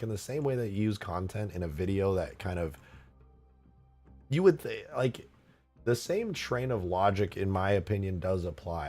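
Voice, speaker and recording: A young man live-streaming as a game modder, thanking viewers for tips, excitable and swearing, straining a tired voice. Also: lowish voice. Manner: excitable, swearing, laughing between lines.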